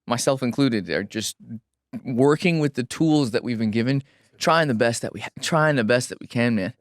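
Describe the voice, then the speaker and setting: A man's voice: medium pitch, lively intonation, moderate pace, no room sound. A man in his thirties from Long Island, a musician guest, talking candidly in a studio, emphatic and restless with many restarts. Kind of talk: casual candid conversation.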